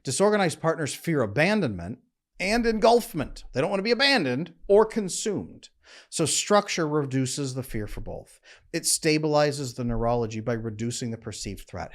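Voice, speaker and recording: A man who is a relationship coach, giving an earnest, emphatic instructional monologue that slows down at times to demonstrate calm. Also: on the high side.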